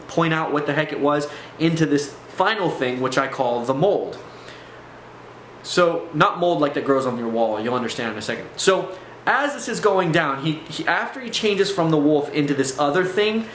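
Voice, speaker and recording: A man vlogging a personal testimony, telling it in an animated way with many fillers. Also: on the high side. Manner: animated, filler-heavy storytelling. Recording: echoey room, faint background noise.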